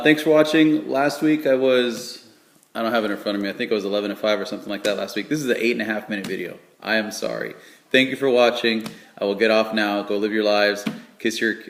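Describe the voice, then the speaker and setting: A man's voice: lowish voice, a bit bright. A man casually chatting through sports picks, rambling and joking with many fillers. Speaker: sports vlogger making game picks. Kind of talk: casual chat. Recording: echoey room.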